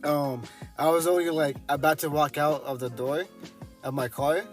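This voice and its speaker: Brief: young male co-host, casual halting storyteller, slightly high pitch. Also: steady tone, faint music behind. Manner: storytelling, lots of ums and restarts. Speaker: podcast co-host. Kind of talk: casual chat.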